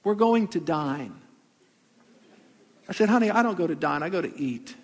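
A man preaching a sermon as a pastor, telling a story in an animated way with comic asides. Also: on the high side, moderate pace. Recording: long hall reverb.

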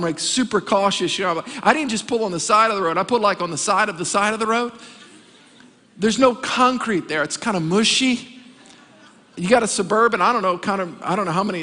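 Animated high-voiced pastor preaching. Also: male voice, big-room sound. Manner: animated storytelling with comic asides. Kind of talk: sermon. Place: church sanctuary.

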